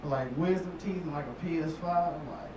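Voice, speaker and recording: With a slightly high voice and a fairly quick delivery, a Memphis stand-up comedian in his 30s works through his set. He rambles through crude stories, breaking into laughs and asides along the way. The club audio is echoey, distant, and noisy.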